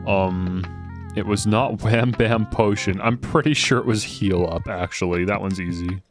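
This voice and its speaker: Man, casual game commentary, lowish voice, soft music in the background. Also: fairly even intonation, a little slow. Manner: chatty, self-deprecating. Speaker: game streamer.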